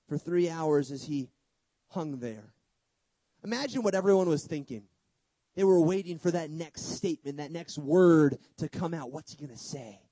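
A man preaching with a high but mellow voice, pressing his points through rhetorical questions and then dropping to a near hush. He mixes earnest conviction with casual, joking asides. The sound is dry and close, with no room around it. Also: no room sound, rough recording. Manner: emphatic preaching with sudden hushed drops and rhetorical questions. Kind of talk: sermon.

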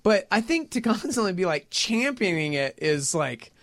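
Excitable high-voiced man. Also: normal speed, no echo, clean studio sound. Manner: animated, excitable, laughs often. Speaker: co-host. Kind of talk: casual radio banter.

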